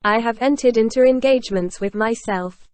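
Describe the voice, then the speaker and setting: Tormented aging ex-convict confessing, read by a woman in a higher dry voice, solemn and grieving, audiobook. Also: normal speed, a little mellow, no echo, lightly acted. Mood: anguished.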